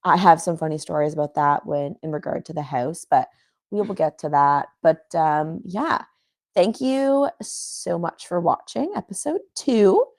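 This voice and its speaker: A woman's voice: on the low side, animated, unhurried, a little mellow, no room sound. A young woman co-hosting a casual podcast, chatty and giggly, with lots of fillers. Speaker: podcast co-host. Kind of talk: casual chat.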